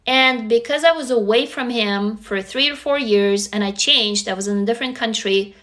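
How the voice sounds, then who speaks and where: Russian accent lady in her 40s, kinda high bright voice, frank and encouraging on a live stream, swears a bunch. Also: moderate pace. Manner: candid and encouraging, swears freely. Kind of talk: casual live stream chat.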